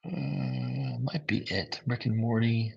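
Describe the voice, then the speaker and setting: A man's voice: medium pitch, steady tone, takes it slowly, gravelly, muffled recording. A tired man giving a casual, rambling livestream review of new comics, with lots of fillers. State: tired, yawning.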